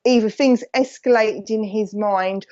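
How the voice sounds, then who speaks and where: A woman with an Essex accent giving a live mediumship reading, chatty and affectionate, hopping quickly from one thought to the next. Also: mid-range voice, a little mellow, muffled recording. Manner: rambling, jumps between thoughts; chatty and affectionate, calls people "my lovely". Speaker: psychic medium.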